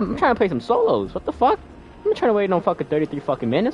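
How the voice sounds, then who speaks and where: A man's voice: fairly high pitch, big pitch swings, quick pace, highs cut off, soft background music. Young man cursing through gameplay. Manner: loud, swearing, exasperated outbursts. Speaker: gamer streamer. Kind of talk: casual gameplay commentary.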